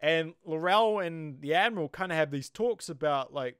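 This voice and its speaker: A man's voice: fairly high pitch, animated, normal speed, hardly any pauses, fairly bright tone, clear, resonant tone, no echo, clean studio sound. A man with a New Zealand accent giving a casual, rambling episode review, full of "you know" fillers. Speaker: TV show reviewer.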